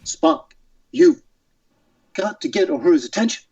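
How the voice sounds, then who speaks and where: A man doing an impression of a male starship captain, with halting, overdramatic pauses. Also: sits high, huge pitch swings, creaky, a little mellow, far from the mic, lo-fi sound, exaggerated voice. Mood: commanding.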